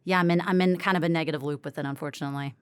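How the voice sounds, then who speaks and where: A woman's voice: deep voice, fairly even intonation, very fast, smooth. A woman guest on a podcast, chatting casually. She hesitates often, filling gaps with ums and little laughs. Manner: giggly, hesitant, lots of fillers. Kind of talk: casual chat.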